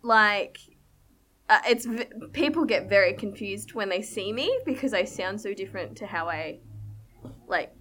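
A young Australian woman, a podcast guest, telling stories in an animated way with frequent laughter. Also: mid-range voice, measured pace, slight background noise. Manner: animated storyteller, laughs often. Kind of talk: casual podcast chat.

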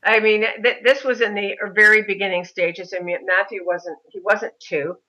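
A middle-aged woman, a mother of a son with a disability, telling her story in an interview in an animated way. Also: mid-range voice, normal speed, lo-fi sound. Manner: animated, mimics other voices in anecdotes.

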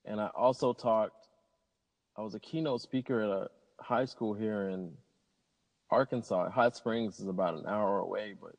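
A man's voice: fairly low pitch, normal speed, creaky. A man, a pilot telling stories in a casual interview in an upbeat, rambling way. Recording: long hall reverb.

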